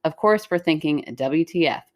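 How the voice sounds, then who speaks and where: A woman's voice: sits low, moderate pace. A woman co-hosting a podcast, reading listener stories aloud in casual chat and laughing easily. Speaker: podcast co-host.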